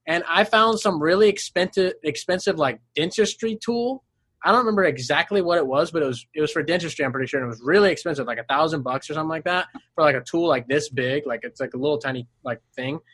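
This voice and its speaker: A young man with a high voice tells a story in animated, unfiltered chat. He swears freely and laughs in the middle of sentences. When he quotes people, his voice leaps even higher. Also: fast, breathy edge, dry recording. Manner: acts out voices in quoted lines, jumping up high. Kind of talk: casual chat.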